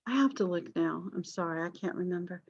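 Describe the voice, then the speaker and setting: A woman's voice: lowish voice, lively intonation, brisk, a little mellow, no echo. Chatty woman history teacher, dull dry recording. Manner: chatty, rambling, self-deprecating asides. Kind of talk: recorded class lecture.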